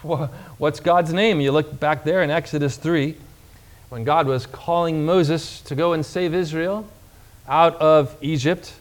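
A man delivers a sermon in a slightly higher-than-average voice. He preaches emphatically, drawing out key phrases and putting questions to his listeners. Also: steady tone. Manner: emphatic preaching, slowing on key words and reading scripture aloud; addresses congregation with questions.

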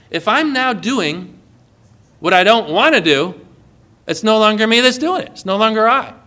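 Guy preaching a sermon, pretty high pitched, earnest and building up. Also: sharp tone. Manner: earnest preaching with rising exhortation. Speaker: pastor.

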